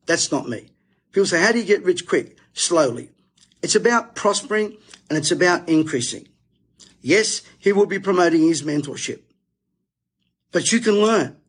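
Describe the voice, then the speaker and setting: A man's voice: a little high, lively intonation, moderate pace, a bit bright, slightly rough. A middle-aged Australian man hosting, delivering a fired-up, emphatic, preachy monologue to his audience. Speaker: host. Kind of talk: impassioned monologue to camera.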